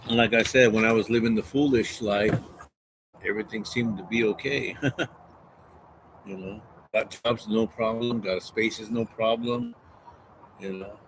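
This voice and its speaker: A man's voice: fairly low pitch, steady tone, a little slow, pauses often, background noise. A man casually talking through a Bible passage and reading it aloud, rambling and repeating phrases. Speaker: street preacher.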